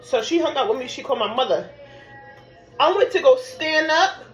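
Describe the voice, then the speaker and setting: A young woman telling a chatty, animated storytime for her vlog. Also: high-pitched, normal speed, soft background music. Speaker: vlogger. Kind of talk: storytime chat. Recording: echoey room.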